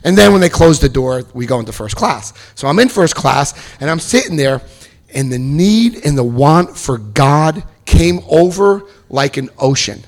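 A man's voice: fairly high pitch, normal speed. A middle-aged man telling his recovery story to an audience, acting out the voices of the people in it. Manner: animated storyteller acting out quotes. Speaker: speaker sharing recovery story. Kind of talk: personal testimony to an audience.

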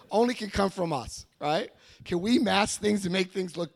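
A man giving a personal testimony at a recovery meeting, telling his story with animated energy and acting out what people said. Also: high-pitched, a little fast, gravelly. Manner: animated storytelling, acts out quoted voices. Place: meeting room before a live audience.

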